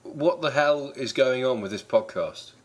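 A man's voice: medium pitch, lively intonation, a little slow. A man as a contestant in a comic podcast bit, dry and exasperated in his questions.

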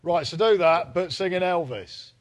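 A man with a notably high speaking voice trades playful, teasing jokes in a loose comic chat. He plays the mischievous co-host who keeps poking at his partner's stories. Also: normal speed.

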